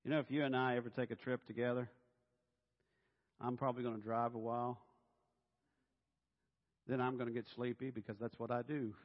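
A man preaching a sermon in a church, animated and playful, dropping to a hush and then rising loud. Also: medium pitch, brisk, pauses often. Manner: animated and playful, swinging between hushed and loud. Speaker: pastor. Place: church sanctuary. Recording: reverberant hall, dull sound.

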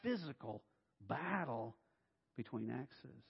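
A middle-aged man, a pastor, preaching a sermon in an animated, humorous way and acting out voices. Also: mid-range voice, slow pace, gravelly, slightly rough. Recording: dull sound in a reverberant hall.

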